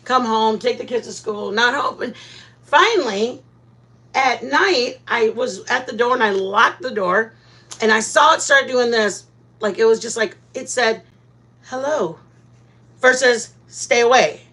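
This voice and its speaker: High, bright-voiced woman telling stories. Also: unhurried. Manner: animated storyteller, laughs often. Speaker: live stream host. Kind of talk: casual live chat with viewers.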